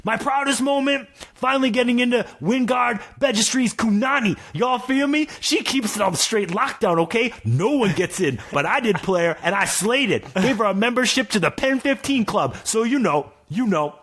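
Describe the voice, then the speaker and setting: A man's voice: very high voice, expressive, moderate pace, hardly any pauses, voice pushed up, exaggerated voice. A man voicing a small, boastful male dwarf warrior who talks in swaggering street slang. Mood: cocky. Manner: swaggering slang, loud and cocky.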